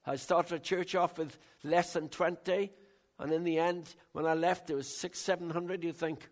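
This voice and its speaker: An older man preaches a sermon in a loose, conversational way, teasing his congregation. His voice sits a little high for a man, and he swings from loud outbursts to quiet asides. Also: steady tone, moderate pace, few pauses. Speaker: pastor.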